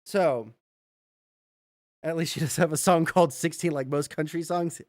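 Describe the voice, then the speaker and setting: A man's voice: a little high, fairly even intonation, moderate pace, no echo, studio quality. A man streaming casual political commentary, swearing and rambling off the cuff.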